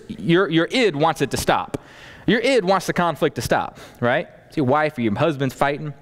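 A man preaching a storytelling sermon to a congregation, animated, acting out scenes and adding folksy asides. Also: medium pitch. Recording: long hall reverb.

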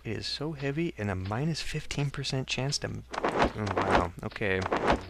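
A man's voice: lowish voice, lively intonation, normal speed, creaky, very noisy. A man hosting a let's play, giving casual, wry commentary and reading game text aloud.

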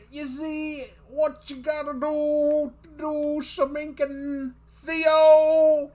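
A man imitating a rambling sitcom father with a drawn-out, sing-song lecturing delivery. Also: extremely high pitch, pitched above the performer's own voice, full character voice.

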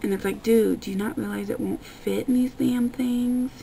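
A young woman with a gravelly, slightly high voice rants casually to camera, exasperated and swearing freely. Her tone is mellow and dark rather than bright. A faint hiss of noise sits under the recording. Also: fairly even intonation, moderate pace, poor audio. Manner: exasperated, profane ranting. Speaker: vlogger. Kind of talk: casual ranting vlog.

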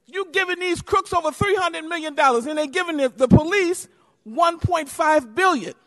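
An angry woman making a public comment, accusatory and pushing back when she is interrupted. Her voice is very high and sharp. It rings with long reverb in a big chamber. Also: moderate pace. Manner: heated, accusatory, talks over interruptions. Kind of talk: public comment at a council meeting. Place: council chamber. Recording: reverberant hall.

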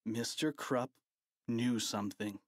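Children's audiobook narrator, animated, playful, slow pace, dry close sound. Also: medium pitch, no room sound.

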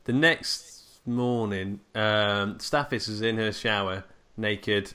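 A man's voice: fairly low pitch, takes it slowly, sharp tone, clear, resonant tone. A man, co-hosting a film podcast, recapping the plot playfully and laughing easily. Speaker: podcast co-host. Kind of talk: casual film chat.

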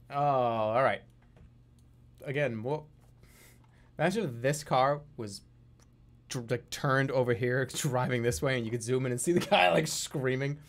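A man streaming a geography guessing game, talking to his chat in a jokey, animated way. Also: medium pitch, slight background noise. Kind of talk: casual live-stream commentary.

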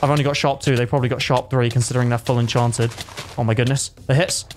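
A young man giving excited live commentary over his own gameplay, his voice jumping high when a fight goes well or badly. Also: fast, background noise. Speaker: gaming video creator.

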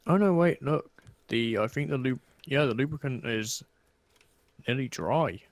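A man's voice: medium pitch, measured pace, no echo. A man playing a factory game with a friend, easygoing and a bit hesitant, also wrapping up the episode. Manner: easygoing, mildly hesitant with fillers. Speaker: co-host gamer. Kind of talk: casual multiplayer game chat and outro.

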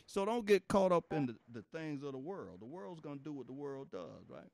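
Folksy, animated preacher man. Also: on the high side, brisk, creaky. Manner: folksy, animated, laughs often, talks to the congregation. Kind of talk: informal sermon.

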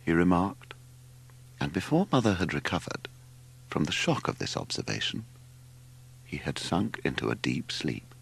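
Gravelly, expressive male storyteller. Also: deep voice, moderate pace, long pauses. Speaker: audiobook narrator. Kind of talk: scripted narration.

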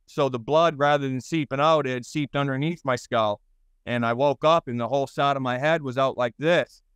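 A man in his thirties with a Boston accent, a guest telling his stories in a blunt, rambling and profane way, with halting restarts. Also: medium pitch, steady tone, a bit bright, clean tone, no echo. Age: 30s. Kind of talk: interview storytelling.

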